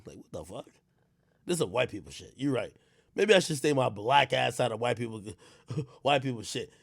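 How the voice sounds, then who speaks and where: A young man riffs on his livestream in casual, slangy banter, his voice gravelly with a lot of fry. His pitch swings widely as he talks, climbing high whenever he gets riled up. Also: brisk. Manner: loud animated slangy banter, jumps in pitch when riled up. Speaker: livestream host reacting to chat.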